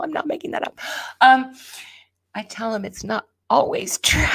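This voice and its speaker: A woman streaming a live tarot reading, excitable and laughing a lot, dropping to whispers and then bursting into shouts. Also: mid-range voice, vocal fry. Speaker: tarot reader.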